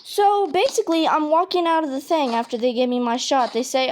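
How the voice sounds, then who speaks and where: A woman's voice: high-pitched, moderate pace, few pauses, darkish tone. A young woman telling a casual, rambling story full of slang and fillers, with game clicks behind her. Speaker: storytime vlogger. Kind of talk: casual storytelling over gameplay. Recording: noisy home recording with clicks. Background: game mouse and keyboard clicks.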